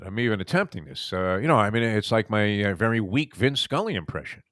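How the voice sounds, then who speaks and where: Rambling low-voiced New man. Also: animated, fairly quick, fairly bright tone, dry recording. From Brooklyn, New York. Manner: rambling, reminiscing storyteller. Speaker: sports talk show host. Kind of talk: casual sports radio chat.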